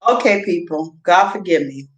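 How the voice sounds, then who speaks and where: A woman's voice: fairly low pitch, animated, normal speed, low-quality recording. A woman chatting loosely to viewers in a casual livestream, rambling from topic to topic and laughing often. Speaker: vlogger.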